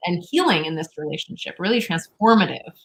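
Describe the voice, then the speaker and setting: A woman's voice: lowish voice, very animated, quick pace, low-quality recording. A woman hosting an interview show, talking in a chatty way with lots of fillers and personal stories. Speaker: show host. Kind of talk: interview conversation.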